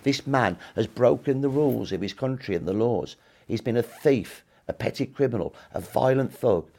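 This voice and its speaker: A man's voice: mid-range voice, animated, moderate pace, creaky, a little mellow. A man in his sixties, a historian guest telling history in emphatic, punchy short clauses during an interview.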